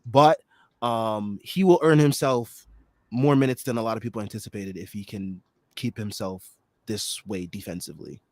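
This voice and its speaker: A chatty man talks through a postgame basketball show with lots of fillers and bursts of excitement. His voice is a little hoarse from screaming, and he sounds close and dry, with no room around him. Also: lowish voice, normal speed, no room sound. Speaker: podcast host. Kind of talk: casual postgame basketball talk.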